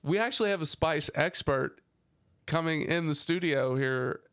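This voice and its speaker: A man's voice: fairly high pitch, normal speed, a bit bright, smooth, no echo. A man hosting a podcast in casual chat, joking and easygoing as he asks his guest questions. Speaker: podcast host.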